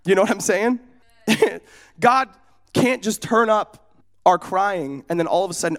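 High-voiced, animated young preacher. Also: male voice, a little slow, pauses often. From United States, Oregon. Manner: animated, acts out the voices in his stories; casual, often asks "you know what I'm saying?". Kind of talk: storytelling sermon.

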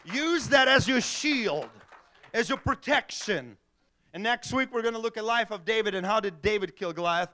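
A middle-aged male pastor preaching a sermon in an animated way, acting out little voices and laughing often. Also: high-pitched, moderate pace.

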